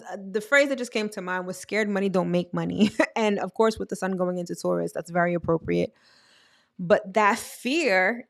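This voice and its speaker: Emphatic, animated woman astrology host. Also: mid-range voice, dry recording, clean studio sound. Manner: emphatic, animated, laughs often; acts out the universe in quoted asides. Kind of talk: casual motivational talk.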